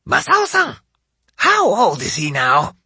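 A man voicing a vain, teasing old noblewoman with a raspy voice in an audiobook. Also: high-pitched, huge pitch swings, slow, pushed and bright, dry recording, voice pushed up, full character voice. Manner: sly, teasing, imperious. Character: old woman lady, sly, teasing, vain, drinks and smokes. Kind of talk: audiobook character voice.

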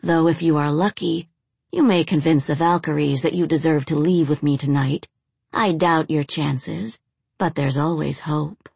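A woman's voice: deep voice, normal speed, gravelly, a little mellow, husky, no room sound, heavily acted. A woman voicing a menacing male Norse warrior who growls with a trembling voice, as in an audiobook. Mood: mocking. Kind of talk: audiobook character voice.

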